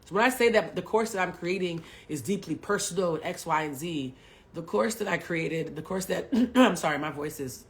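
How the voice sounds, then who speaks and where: A Haitian spiritual coach in her forties tells a personal story on a home livestream, blunt and profane, lurching from loud bursts to hushed asides. Her voice is fairly low-pitched at a moderate pace, picked up by a webcam or phone mic.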